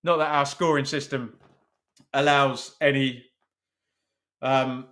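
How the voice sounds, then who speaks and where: A man's voice: mid-range voice, level tone, takes it slowly, fairly bright tone. A man hosting a live football watch-along, chatting casually, joking about himself and answering viewers' comments. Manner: chatty, self-mocking, reads chat aloud.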